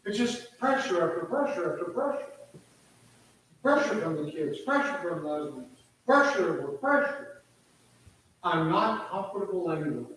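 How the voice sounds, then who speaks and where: A man's voice: fairly high pitch, normal speed, natural voice. A man voicing a weary young married woman who is overwhelmed and exasperated, sighing and complaining as he tells a story.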